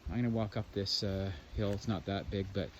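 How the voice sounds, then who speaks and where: A Canadian hiking vlogger rambles chattily into a handheld camera, narrating what he sees as he walks a lakeside trail. His voice is fairly low with fairly even intonation and a fairly quick pace. The outdoor recording is dull and lo-fi, with loud background noise.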